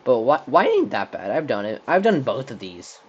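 Give me a young guy casually playing would-you-rather on camera, mid-pitched and easygoing, with a slightly muffled home recording. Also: wildly swooping pitch, normal speed, breathy edge. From Texas. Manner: rambling, thinking aloud with many likes and restarts. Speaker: channel host. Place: room with a squeaky chair.

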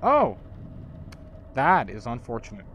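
A man playing a horror game and commenting casually, joking and breaking into dramatic shouts. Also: medium pitch, huge pitch swings, slow, lo-fi sound, a little hiss or hum. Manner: jokey, bursts into dramatic shouts. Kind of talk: casual let's-play commentary.

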